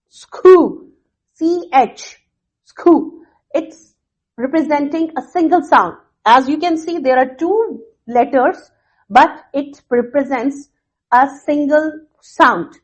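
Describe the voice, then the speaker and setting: A woman teacher explaining phonics to students in a recorded lesson, repeating points slowly with fillers. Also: high-pitched, low-quality recording. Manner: slow, repetitive explaining with fillers.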